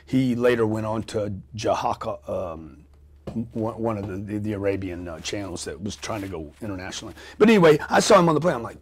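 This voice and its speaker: Animated, swearing middle-aged man telling a story. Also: on the low side, fairly quick. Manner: animated, profane, acts out scenes with sound effects. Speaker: guest. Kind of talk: storytelling in a podcast interview.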